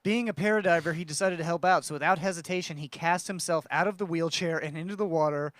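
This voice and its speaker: A man's voice: a little high, quick pace, fairly bright tone. A male podcast host casually reading out news stories, joking and stumbling over his words.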